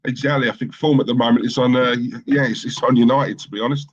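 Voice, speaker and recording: A man's voice: mid-range voice, steady tone, quick pace, dull audio. Rambling opinionated man on a live stream. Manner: rambling and opinionated, with many fillers and restarts. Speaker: co-host of a live football watchalong stream. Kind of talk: casual live-stream chat, reading out viewer comments.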